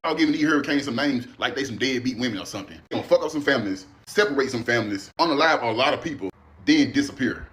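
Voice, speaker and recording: Man, quick comedic rant, swooping lively pitch, indignant and profane. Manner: indignant, profane, rhetorical questions. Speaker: commentator.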